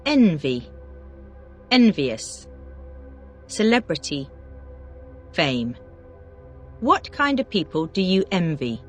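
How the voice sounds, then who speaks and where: A teacher voice calling out single vocabulary words, then asking brisk drill questions in a scripted lesson. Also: mid-range voice, sing-song, soft background music.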